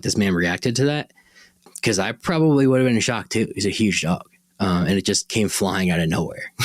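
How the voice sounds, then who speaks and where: A man's voice: deep voice, dry recording. A man hosting a podcast, telling a personal story in a rambling, conversational way and often correcting himself. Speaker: podcast host.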